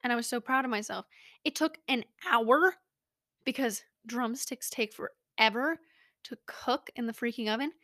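A young woman hosts a casual podcast, her voice a touch higher than most. She rambles, jokes at her own expense and chats easily. The sound is close and dry, with no room in it. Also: normal speed, a bit bright, no room sound. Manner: rambling, self-mocking, bubbly. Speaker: podcast host. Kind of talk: casual chat. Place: small home studio.

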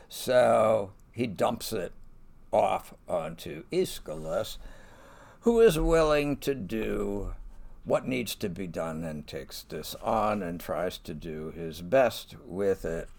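A man with a low, gravelly voice talks through a play at a slow, deliberate pace. He reflects aloud like a teacher and lifts his voice for the quoted lines. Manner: unhurried, reflective, reads quoted lines with lifted voice. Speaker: podcast lecturer on literature. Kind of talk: lecture with dramatic reading.

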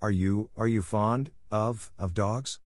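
A man's voice: on the low side, expressive, moderate pace, darkish tone, dry recording, studio quality. A man reading the part of a polite, chatty little girl in a storybook, speaking earnestly. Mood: eager.

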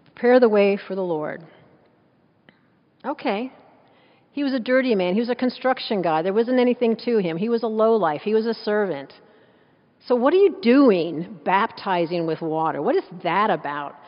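A woman's voice: mid-range voice, lively intonation, moderate pace. Emphatic woman preacher in an echoing hall. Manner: emphatic, conversational, rhetorical questions. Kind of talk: sermon. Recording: dull sound in a big echoing hall.

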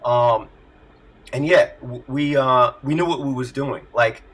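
A middle-aged man, a music producer, telling stories in an animated way and laughing often during a casual interview over a video call. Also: medium pitch, unhurried, low-quality recording. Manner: animated storyteller, laughs often, acts out voices.

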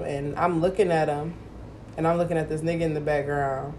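A woman in casual group chat, telling stories in an animated, profane way. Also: low-pitched, fairly quick, slight background noise. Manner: animated storyteller, swears freely.

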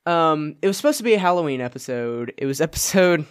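A young man with a slightly higher-than-usual voice, co-hosting a casual podcast. He rambles with plenty of "like"s and often breaks into laughter. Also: expressive, fast, smooth. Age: young adult. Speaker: podcast co-host. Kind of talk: casual chat.

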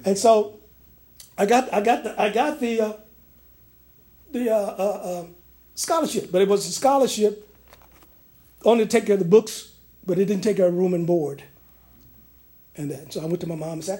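A man preaching a sermon in a church. He moves between loud preaching and quiet personal stories, with many restarts. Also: high-pitched, moderate pace, long pauses. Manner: many restarts and fillers when telling stories.

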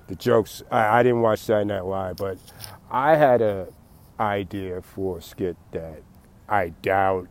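A man's voice: on the low side, a little mellow. A man giving a late-night rambling monologue, repeating words and laughing at his own jokes.

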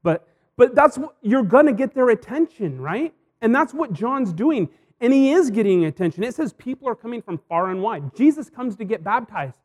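High-voiced man preaching conversationally. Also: very animated, moderate pace, a little mellow. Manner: conversational, anecdotal preaching with frequent "right?" asides. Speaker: pastor. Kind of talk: sermon.

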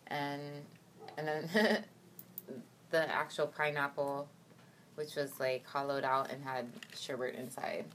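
A woman with a low voice chats casually in a car, relaxed and full of filler "likes". Faint background noise runs under her. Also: slow pace, low-quality recording. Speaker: guest, host's wife. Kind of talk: casual chat.

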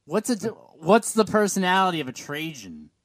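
A man's voice: high-pitched, very animated, moderate pace, fairly bright tone, no room sound. A man co-hosting a casual podcast, rambling with many restarts and some swearing. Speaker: podcast co-host. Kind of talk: casual wrestling chat.

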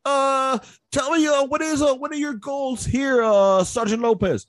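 A man imitating a stern older male sergeant major with a Vietnamese accent, halting with many "uh" pauses and curt refusals. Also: very high-pitched, fairly even intonation, no room sound, pitched above the performer's own voice. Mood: probing. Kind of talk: impression within a spoken story.

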